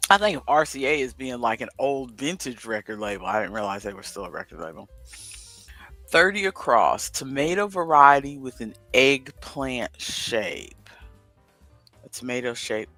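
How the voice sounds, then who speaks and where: Very animated and moderately paced, a man with a mid-range, bright, forceful voice co-hosts a casual livestream. He rambles and thinks out loud while tackling a crossword, with faint music behind him.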